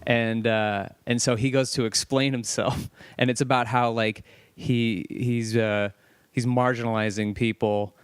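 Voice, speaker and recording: A man's voice: medium pitch, a little slow, clean tone, dry recording. A man co-hosting a casual podcast chat, swearing freely and acting out quotes as he tells stories. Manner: profane, animated storytelling with quoted voices. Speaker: podcast co-host.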